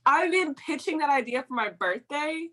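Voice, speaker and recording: Woman co-host, bright high-ish voice, blunt and salty. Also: expressive, normal speed. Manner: blunt, swears casually. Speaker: podcast co-host. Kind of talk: casual chat.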